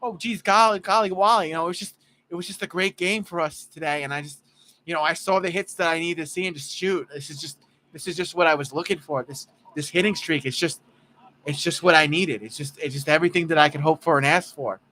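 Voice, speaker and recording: A man's voice: on the high side, steady tone, quick pace, pushed and bright, a little hiss or hum. A man imitating a wholesome, polite young male ballplayer who stammers and repeats himself. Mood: earnest. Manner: gee-whiz, stammering, repetitive.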